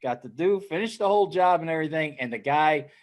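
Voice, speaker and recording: A man co-hosting a casual chat, telling an animated story and often tagging his lines with "right?". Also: a little high, fast. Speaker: co-host.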